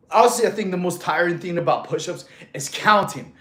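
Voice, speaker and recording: A man's voice: high-pitched, a bit bright. A man chatting casually on a fitness livestream in a laid-back, slangy way, getting out of breath as he counts push-ups. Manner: laid-back slangy talk, calls viewers bro. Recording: echoey room.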